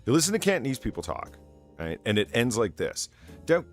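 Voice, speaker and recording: A man co-hosting a casual podcast, joking and ranting with profane, animated energy. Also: mid-range voice, brisk, faint music behind. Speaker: podcast co-host.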